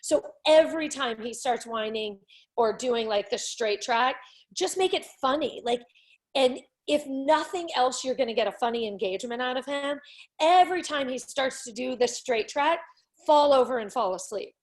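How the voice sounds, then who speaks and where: A woman's voice: sits high, moderate pace. A woman coaching a parent through play strategies, talking casually and acting out little scenes. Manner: encouraging, acts out scenes with playful voices. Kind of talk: coaching conversation.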